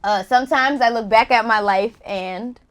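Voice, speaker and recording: A woman's voice: a little high, normal speed. A woman hosting a casual interview, talking candidly with jokes and slang. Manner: candid, joking, uses slang. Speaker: host.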